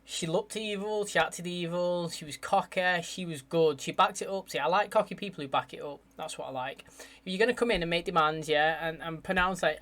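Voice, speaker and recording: A man's voice: high-pitched, brisk. A young man with an English accent, chatting casually as he reacts to a TV episode, saying "mate" often. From England. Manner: chatty, animated, says "mate" a lot. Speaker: TV reaction host.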